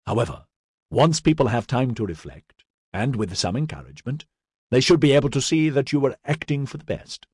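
A man reading the part of an older statesman who gives measured, fatherly counsel in an audiobook. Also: mid-range voice, slightly rough, no room sound, clean studio sound, voice pushed up. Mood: earnest. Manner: calm, deliberate counsel.

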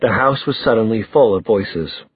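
Breathy man narrating a novel. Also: lowish voice, normal speed, no echo. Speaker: audiobook narrator. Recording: dry tinny phone-like sound.

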